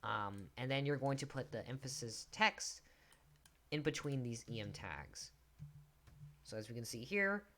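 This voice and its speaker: A man's voice: mid-range voice, sharp tone. A man hosting a coding tutorial, explaining casually and joking about himself as he types. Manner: casual, self-deprecating, talks while typing. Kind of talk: screen-recorded coding tutorial. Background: keyboard typing and clicks.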